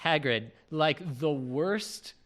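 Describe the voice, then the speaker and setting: A high, lively male voice with a bright edge, telling a movie story in a slow, unhurried way. He laughs often and keeps breaking into goofy improvised voices as a comedy podcast host. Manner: playful, laughs often, jumps into silly voices mid-recap.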